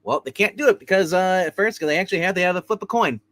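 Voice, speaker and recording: A man hosting a casual comic book review, rambling through the plot with plenty of fillers and quick put-on character voices. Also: high-pitched, fairly bright tone.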